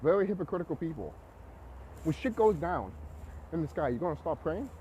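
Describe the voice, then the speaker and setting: High, lively-voiced man ranting. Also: brisk, slight background noise. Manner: agitated, profane, preachy, repeats himself. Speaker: vlogger. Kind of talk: ranting monologue to camera.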